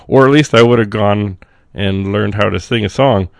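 A man's voice: on the low side, moderate pace, creaky. A male radio host, sick and coughing now and then, chatting casually and rambling with dry jokes between songs.

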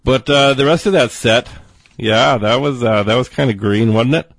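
A man's voice: mid-range voice, moderate pace, dry recording, a faint crowd. Laid-back radio DJ, man. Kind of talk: casual radio hosting. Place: radio studio.

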